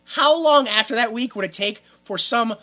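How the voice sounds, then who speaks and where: A woman's voice: fairly high pitch, normal speed, bright, forceful tone. A woman co-hosting a casual movie-riffing podcast, talking with exaggerated indignation, swearing and laughing often. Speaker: podcast co-host.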